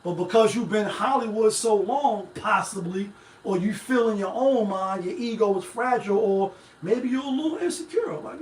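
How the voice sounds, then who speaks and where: High-voiced man ranting in an echoey room. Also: moderate pace, fairly bright tone. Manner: rambling, profane, talks straight to viewers. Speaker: live-stream show host. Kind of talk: casual commentary. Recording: echoey room, mic at a distance.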